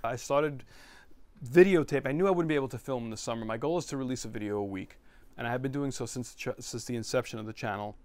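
A man's voice: mid-range voice, quick pace, darkish tone, dry recording. A middle-aged chef talks to an audience in a bookstore, telling stories in a loose, rambling way. He restarts his sentences often and adds little asides. His voice sits in a mid range for a man. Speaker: chef giving a talk at a bookstore. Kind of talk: storytelling talk to a live audience.

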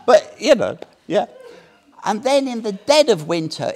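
A man in his seventies giving an anecdotal Buddhist dharma talk as a teacher, animated and often checking in with "yeah?". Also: on the high side, moderate pace. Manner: animated storyteller, tags sentences with "yeah?".

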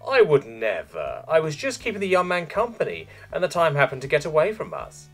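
A man's voice: on the high side, huge pitch swings, fairly quick, faint music behind, voice pushed up, heavily acted. A man voicing a sly, scheming alien woman who is a socialite captain, speaking in a silky, smug, teasing way. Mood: smug, coaxing.

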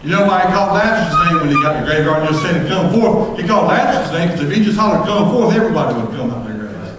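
A man preaching a sermon as pastor, folksy and impassioned, rising to shouts at his peaks. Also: fairly high pitch, animated, racing, noisy background. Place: church sanctuary. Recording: echoey church hall from far off.

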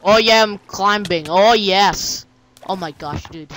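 A man's voice: high-pitched, slow, background noise. A young man hosting a gaming video, teasing his friend and pleading in mock drama. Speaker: gaming channel host. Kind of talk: playful Minecraft commentary.

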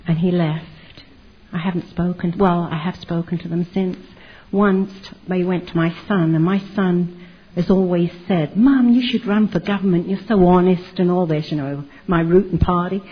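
Older woman, husky voice, chatty humorous testimony, dull lo-fi recording. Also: fairly low pitch. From Canada. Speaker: testimony speaker. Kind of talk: personal testimony talk.

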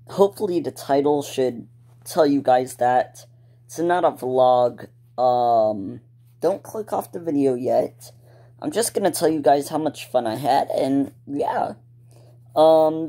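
A male YouTuber talks casually to his viewers, drawling slowly with a mellow, dark tone. He rambles through his thoughts, restarts sentences and leans on ums and laid-back slang. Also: a little high. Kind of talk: casual talk to camera.

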